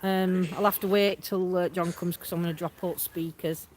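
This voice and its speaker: A woman's voice: fairly low pitch, steady tone, normal speed, a little mellow. Brief: female paranormal host, coaxing tone, outdoor night shoot, long reverb tail, faint hiss. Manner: coaxing, speaks out to spirits. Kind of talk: live ghost-hunting commentary.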